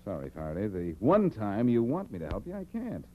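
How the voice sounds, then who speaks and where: Teasing wisecracking hero, lively pitch, tinny old radio sound with hum. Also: male voice, a little fast. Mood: wry. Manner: teasing, dry wit. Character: wisecracking male reformed-crook hero. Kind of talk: 1940s radio acting.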